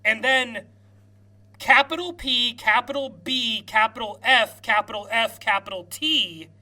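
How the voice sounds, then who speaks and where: Podcast co-host, bright tense tone, animated storytelling, casual comedic chat, frequent laughter. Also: mid-range voice, unhurried. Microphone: remote call.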